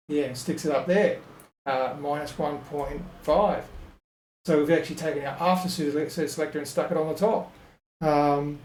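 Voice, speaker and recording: A man talking through a web design tutorial in a casual, thinking-aloud way, full of ums and quick self-corrections. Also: a little high, a little mellow, roomy sound, a little hiss or hum, low-quality recording. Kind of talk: casual screen-recorded tutorial.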